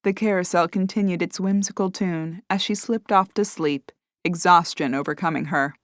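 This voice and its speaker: A woman narrating an audiobook in a measured, expressive way. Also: lowish voice, no room sound, studio quality. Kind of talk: scripted narration.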